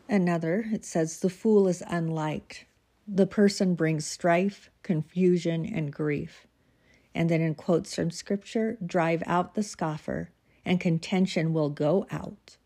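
A woman's voice: fairly low pitch, dark tone. A woman reading devotional notes and scripture aloud, then chatting about them loosely and laughing at herself. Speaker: devotional reader. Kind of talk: casual devotional reading and commentary.

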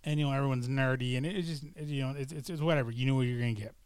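A man's voice: mid-range voice, steady tone, racing, smooth, no room sound. A middle-aged man chatting casually to camera, rambling and hesitant, with many fillers and restarts. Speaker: vlogger. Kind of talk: casual chat.

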